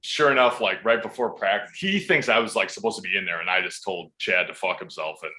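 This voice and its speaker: A man's voice: sits low, a little fast, bright, forceful tone. A man in his thirties, a podcast guest telling laid-back stories that are full of swearing. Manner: laid-back, swears freely, acts out quotes. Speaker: podcast guest, football player. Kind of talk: casual storytelling.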